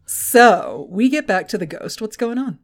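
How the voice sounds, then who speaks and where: A woman's voice: medium pitch, expressive, unhurried. A woman co-hosting a podcast in casual chat, chatty and profane, laughing often as she recaps. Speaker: podcast co-host.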